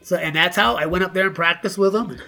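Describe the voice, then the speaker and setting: A middle-aged man, a musician guest, telling stories in a casual, profane, animated way and acting out quoted dialogue. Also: sits high, quick pace, gravelly. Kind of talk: casual storytelling interview.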